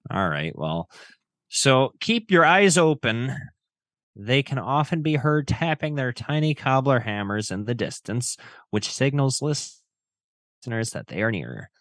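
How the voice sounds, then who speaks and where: A man's voice: mid-range voice, very animated, a little slow, fairly bright tone, no room sound. A man co-hosting a casual podcast, joking and swearing easily as he chats and reads out stories. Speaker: podcast co-host.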